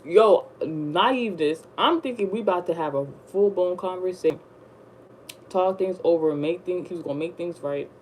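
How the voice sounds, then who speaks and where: A woman's voice: moderate pace, a little hiss or hum, low-quality recording. Slangy woman rambling through a storytime. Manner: rambling, slangy, animated retelling; jumps up high when acting surprised. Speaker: vlogger. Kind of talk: casual storytime.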